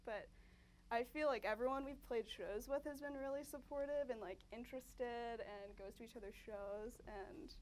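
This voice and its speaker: A woman's voice: on the high side, normal speed, darkish tone, poor audio. A woman from a band chatting casually in an interview, talking loosely with many fillers and small jokes.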